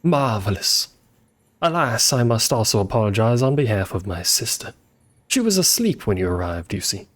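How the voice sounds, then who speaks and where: A man reading a thank-you note as a posh, formal gentleman, in an ornate and mannered way. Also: on the low side, very animated, moderate pace.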